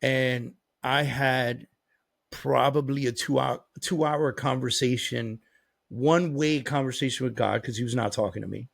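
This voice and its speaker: Man, gravelly, profane, blunt, casual storytelling, podcast guest. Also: mid-range voice, fairly even intonation, unhurried. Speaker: podcast guest, business coach.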